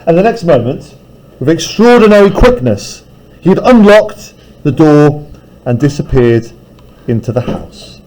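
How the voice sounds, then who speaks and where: A man's voice: a little high, sing-song, a little slow, warm tone, a little hiss or hum, rough recording. A male teacher reading a novel aloud in a classroom and breaking off to explain it in casual terms. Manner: reads aloud, then paraphrases casually.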